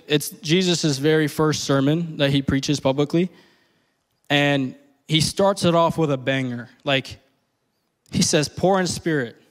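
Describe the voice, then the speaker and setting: A young man giving an earnest, conversational sermon full of fillers, sometimes rising to near-yelling. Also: fairly high pitch. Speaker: preacher. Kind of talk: casual sermon.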